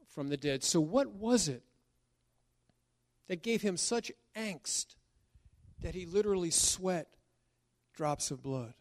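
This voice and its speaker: Man, pastor, sermon, emphatic, dramatic pauses, slow, fairly high voice. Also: animated.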